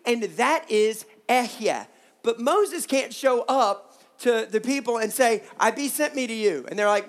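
A preacher giving a sermon at a youth camp, with joking asides to the crew and audience, slowing down to stress key words. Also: medium pitch. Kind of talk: sermon with slides.

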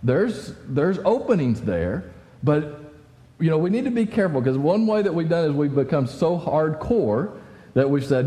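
A man's voice: a little high, animated, moderate pace, mellow, big-room sound. A man giving a casual, conversational sermon as a pastor, talking with many fillers and restarts.

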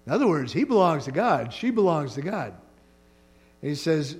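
A male pastor delivering a sermon in a high, lively voice that rises and falls freely. He keeps it conversational and playful, slipping jokes between points. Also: moderate pace. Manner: joking, animated, conversational.

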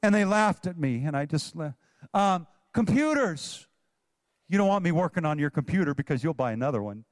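Middle-aged pastor guy preaching in church, fairly high voice, dry close sound, gets fired up then jokes around. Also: moderate pace, no room sound. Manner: animated preaching with rising exhortations and humor. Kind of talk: sermon. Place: church before a congregation.

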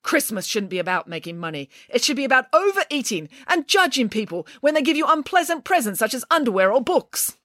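Woman playing a female pig nanny, storybook, imperious, scoffing, high-pitched, very lively. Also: brisk, few pauses, no room sound, studio quality, heavily acted. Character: flamboyant, greedy, self-assured female pig nanny.

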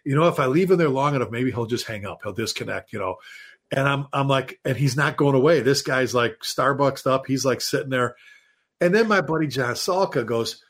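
A man, a fire chief guest on a show, telling stories in an animated, casual way with many restarts and repeated words. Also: medium pitch, brisk. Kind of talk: casual storytelling.

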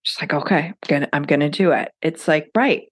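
A low-pitched woman in her thirties hosts a podcast on her own. She speaks candidly and casually, swearing freely as she encourages her listeners. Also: brisk, breathy edge. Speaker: podcast host. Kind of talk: casual solo podcast talk.

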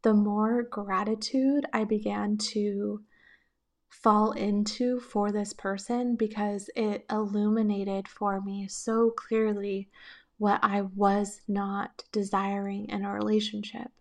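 Woman, podcast host, solo advice show, reflective, gentle coaching tone, middle pitch. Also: level tone, slow.

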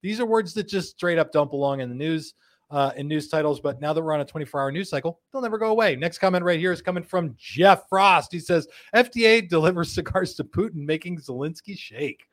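A man hosting a live show, reading viewer comments one after another and riffing on each with jokes. His voice sits a bit high for a man, and he laughs often. He drops into quick put-on voices when he quotes someone. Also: lively intonation. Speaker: host.

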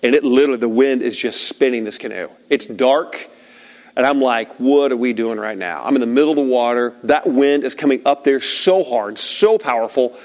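A middle-aged man preaching to a room of listeners at tables, telling a story in a lively way and acting out the lines he quotes. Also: medium pitch, normal speed. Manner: animated storyteller, acts out shouted quotes. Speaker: pastor. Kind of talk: sermon with personal story.

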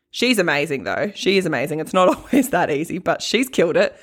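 A woman coach chats her way through a casual podcast monologue, laughing easily and peppering her talk with "like". Her voice sits a touch low for a woman. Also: very animated, fast talker, few pauses, fairly bright tone. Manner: chatty, laughs often, many "like" fillers.

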